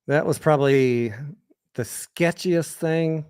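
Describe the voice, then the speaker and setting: A man's voice: a little high, slow pace, a little mellow, clear, resonant tone, dry recording, clean studio sound. A man with an American accent hosting a livestream, telling crude, rambling personal anecdotes in a candid, casual way with frequent restarts. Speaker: host.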